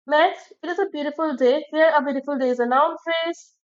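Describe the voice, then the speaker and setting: A woman's voice: sits high, a little fast, lo-fi sound. A woman teaching an English grammar lesson, explaining step by step and checking in with "okay" as she goes.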